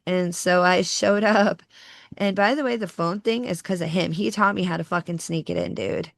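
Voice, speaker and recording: A woman's voice: lowish voice, fairly even intonation, moderate pace, creaky, dry recording, studio quality. A young woman co-hosting a podcast, telling a personal story in a casual, slangy way and swearing freely. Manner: casual, swears freely, calls people dude. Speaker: podcast co-host.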